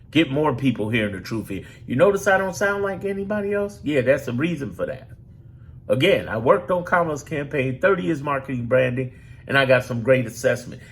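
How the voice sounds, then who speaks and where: Gravelly, emphatic man. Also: mid-range voice, fairly bright tone. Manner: emphatic, profane, preachy. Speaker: political commentator. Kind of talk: direct-to-camera political talk.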